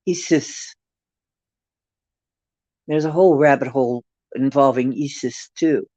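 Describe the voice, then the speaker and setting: A woman's voice: low-pitched, expressive, unhurried, dark tone, no room sound, muffled recording. A woman hosting a casual livestream, musing and rambling while she answers viewer comments. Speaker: livestream host reading viewer chat.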